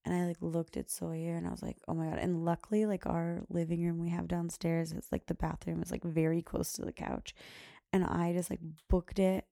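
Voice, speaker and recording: Young woman podcaster, casual rambling storyteller, gravelly and dark-toned, dry close sound. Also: lowish voice, flat delivery, a little fast, no echo. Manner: rambling, many "like" fillers, quotes herself. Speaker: podcast host.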